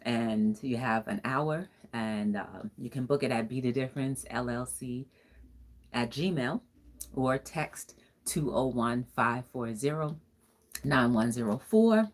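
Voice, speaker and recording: A woman's voice: extremely low pitch, animated, slow pace, darkish tone. A woman hosting a casual livestream talk show, chatty and encouraging, with sing-song greetings and easy laughter.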